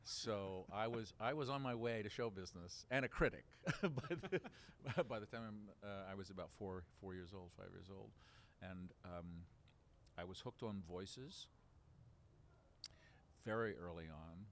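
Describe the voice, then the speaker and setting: A Baltimore man in his seventies reminisces at length during a relaxed interview, rambling with lots of fillers and restarts. His voice is on the low side and measured in pace, with a little background noise.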